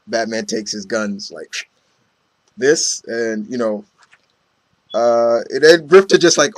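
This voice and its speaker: A man talks through a comic book story in a loose, rambling way, leaning on "you know" and "uh" as he goes. His voice sits at an ordinary pitch, and the sound is dry and close, with no room around it. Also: moderate pace, no room sound. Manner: rambling, heavy on fillers, acts out quotes. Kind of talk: casual comic book recap.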